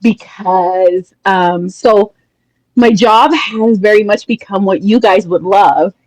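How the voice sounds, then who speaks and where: A woman's voice: mid-range voice, takes it slowly, no room sound, rough recording. A woman calling in to a podcast, animatedly telling a workplace story and acting out coworkers' lines. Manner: animated, quotes people with mock voices. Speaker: caller. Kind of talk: casual storytelling.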